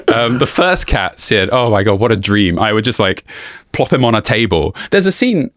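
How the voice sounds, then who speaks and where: A man with a fairly low voice that swings widely in pitch, chatting as a podcast guest. He tells stories with plenty of laughter, animated and relaxed. The sound is close and dry. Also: fast, gravelly, no echo. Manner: laughs often, animated storytelling. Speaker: YouTuber guest. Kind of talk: casual interview chat.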